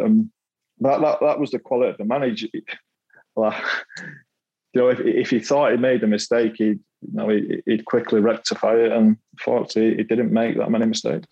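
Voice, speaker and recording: A man's voice: fairly low pitch, little pitch movement, fairly quick, dark tone, husky, lo-fi sound. A middle-aged man with a Mancunian accent, a podcast guest telling self-deprecating stories from his playing days, laughing often and repeating words as he goes. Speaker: guest, former footballer. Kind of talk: casual storytelling chat.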